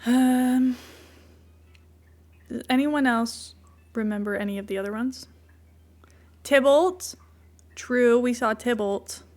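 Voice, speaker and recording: A woman's voice: on the high side, slow, pauses often, darkish tone. A woman streaming a game in a casual, rambling chat who keeps breaking off to coo at her cat.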